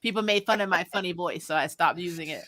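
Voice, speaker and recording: A woman with a Midwestern-meets-Southern American accent hosting a casual review chat, animated and swearing freely. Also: lowish voice, fairly quick. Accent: Midwestern and Southern US mix. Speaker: channel host.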